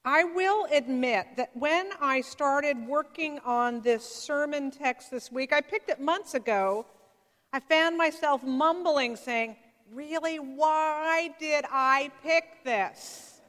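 A woman's voice: high voice, slow, fairly bright tone. A woman pastor preaching a sermon in a church, reading scripture and adding conversational, self-deprecating asides. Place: church sanctuary. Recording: long reverb of a church hall.

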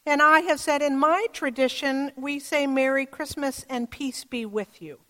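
A woman pastor giving a sermon in a church, telling stories in a gentle, measured way. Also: high voice. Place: church sanctuary. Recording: long church reverb.

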